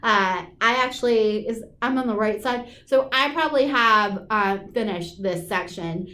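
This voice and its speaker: A woman's voice: a little high, unhurried, pushed and bright. A woman in her thirties co-hosting a casual chat, talkative and self-deprecating with lots of fillers. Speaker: podcast co-host.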